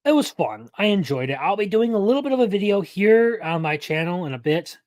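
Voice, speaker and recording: A man's voice: sits high, sing-song, a little fast, darkish tone, no room sound. A young man hosting a live anime news stream, talking casually and rambling, often correcting himself mid-sentence.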